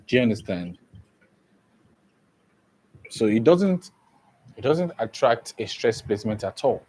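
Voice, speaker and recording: A man's voice: medium pitch, sing-song, darkish tone, breathy edge. A man teaching an English exam-prep lesson, repeating each point and often asking if students understand. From Nigeria. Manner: slow, repetitive, checks understanding often.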